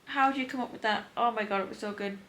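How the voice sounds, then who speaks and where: A woman's voice: a little high, quick pace, a bit bright, rough recording. A young woman chatting casually about her reading at home, laughing often and sounding tired. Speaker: book vlogger. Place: home indoors.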